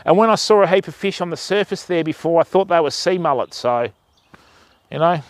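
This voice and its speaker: An older man with an Australian accent chats loosely to his livestream viewers outdoors by a river. His voice sits fairly high for a man and sounds dry and close, and he cracks jokes and swears now and then. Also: expressive, a little fast, no echo. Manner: rambling, matey, swears and tells jokes. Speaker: fishing channel host. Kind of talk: casual livestream chat.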